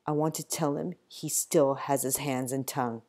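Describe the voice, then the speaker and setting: A woman reading a first-person storybook in a measured voice that sinks quietly at grim moments. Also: extremely low pitch, fairly even intonation. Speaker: audiobook reader.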